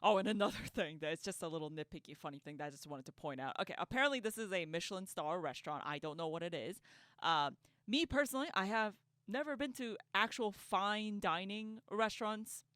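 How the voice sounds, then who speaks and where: Woman, casual commentary, sarcastic, laughs a lot, lively pitch, dry close sound. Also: a little fast, no echo. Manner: sarcastic, laughs often, repeats words when flustered. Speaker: online commentator.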